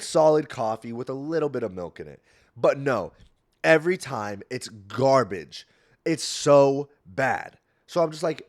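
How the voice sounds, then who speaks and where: A young man hosting a podcast in a casual solo rant, full of swearing and rambling, moving between low mumbles and loud outbursts. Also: lively intonation, a little fast. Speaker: podcast host.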